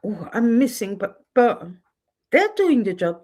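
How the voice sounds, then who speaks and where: A woman's voice: a little high, very animated, a little slow, darkish tone. A woman hosting her own channel in a candid livestream monologue, speaking bluntly and getting heated and indignant about what she sees. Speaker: channel host.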